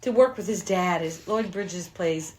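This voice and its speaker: A woman's voice: on the low side, measured pace, darkish tone. A woman co-hosting a casual film podcast, chatty and laughing, often repeating words as she finds her point. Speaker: podcast co-host. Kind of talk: casual movie review chat.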